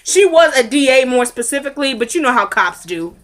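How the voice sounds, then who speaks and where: A woman's voice: sits high, very animated, a little fast, fairly bright tone. A woman talks through a TV drama episode, retelling each scene by acting out the characters' lines. She keeps it casual and chatty, speaking right to her viewers. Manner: chatty, addresses viewers directly. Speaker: recap vlogger. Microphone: camera mic.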